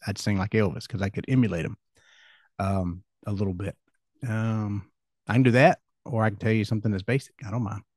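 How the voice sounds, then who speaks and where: A man in his forties hosting a casual chat, telling stories in a relaxed way with chuckles. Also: lowish voice, a little fast, dry recording, clean studio sound. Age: 40s. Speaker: podcast host.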